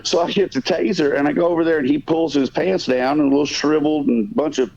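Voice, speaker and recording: A man's voice: on the high side, fairly even intonation, quick pace, vocal fry, a little mellow. A man hosting a podcast, telling a long story in a casual, profane, rambling way that stops and restarts. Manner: rambling, profane, self-interrupting. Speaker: podcast host. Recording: dull lo-fi audio.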